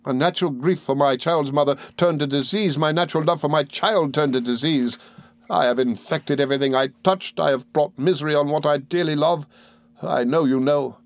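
A man reading an audiobook, voicing a guilt-ridden older gentleman who speaks in desperate, pleading anguish. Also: fairly high pitch, normal speed, no echo, voice pushed up, close to an everyday voice.

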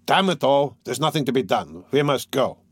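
A man's voice: mid-range voice, lively intonation, normal speed, slightly rough, dry recording, clean studio sound. A man reading a story aloud, voicing an impatient, grumbling grown man.

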